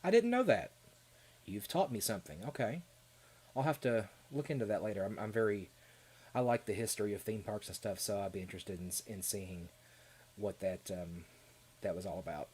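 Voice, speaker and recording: A man with a Kentucky accent rambles through a casual live stream, answering viewers between laughs and fillers. His voice sits a little low. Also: moderate pace, darkish tone, a little hiss or hum.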